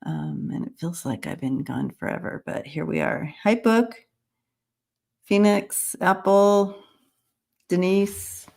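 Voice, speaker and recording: A woman with a mid-range, gravelly and slightly mellow voice takes it slowly as she hosts a live-stream psychic reading show. She greets viewers by name and keeps the talk casual, with frequent fillers and restarts.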